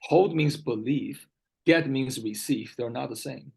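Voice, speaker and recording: A man's voice: mid-range voice, a little slow, gravelly, a little mellow, slightly rough, low-quality recording. A man tutoring English one-on-one, patiently repeating key words and often checking whether his student understands. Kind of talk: one-on-one vocabulary lesson.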